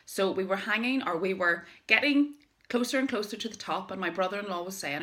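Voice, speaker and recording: Lively woman telling a motivational story. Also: mid-range voice. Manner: lively, emphatic storytelling with dramatic pauses. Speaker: direct-sales business owner. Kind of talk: motivational personal story to camera.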